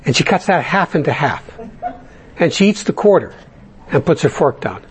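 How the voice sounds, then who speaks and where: A man's voice: fairly high pitch, very animated, slightly rough. A man from Canada giving a personal recovery testimony in an earnest, confessional way, often stopping to restart and repeat words. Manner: halting, with frequent restarts and stammered repeats. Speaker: speaker sharing a recovery story.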